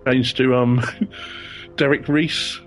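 A man co-hosting a casual podcast chat about a TV episode, chatty and quick to laugh. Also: fairly even intonation, faint music behind. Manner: chatty, giggly, acts out quotes with rising pitch. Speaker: podcast co-host.

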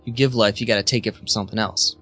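A man chatting as a podcast guest, animated and opinionated. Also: on the low side, fast talker, slightly rough, soft background music. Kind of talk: casual chat.

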